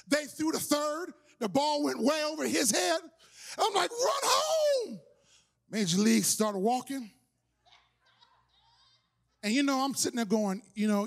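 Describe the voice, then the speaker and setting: Preacher man hollering his sermon, gravelly edge, voice way up high. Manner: shouting, animated, playful preaching with laughs. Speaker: pastor. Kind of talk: energetic storytelling sermon. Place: church sanctuary.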